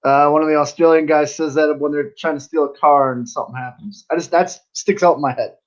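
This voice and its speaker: A man, a pro wrestler, chatting casually as a podcast guest, laid-back and quick to laugh, with lots of "you know" in his talk. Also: fairly high pitch, fairly even intonation, muffled recording.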